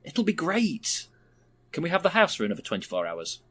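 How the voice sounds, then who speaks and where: A man's voice: on the high side, wildly swooping pitch, brisk, fairly bright tone, exaggerated voice. A man playing an overeager, pushy home makeover TV host, with a theatrical presenter's delivery. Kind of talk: sketch comedy acting.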